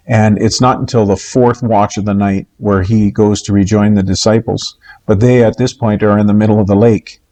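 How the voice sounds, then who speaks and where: Slow, measured male Bible teacher. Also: fairly low pitch, dark tone. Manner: slow, measured, with frequent pauses and "uh" fillers. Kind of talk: recorded Bible lesson lecture.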